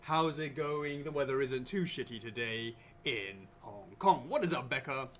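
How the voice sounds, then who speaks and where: A man's voice: medium pitch, moderate pace. A man co-hosting a live stream, upbeat and cheery, rattling off greetings to viewers by name in casual chat. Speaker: livestream co-host.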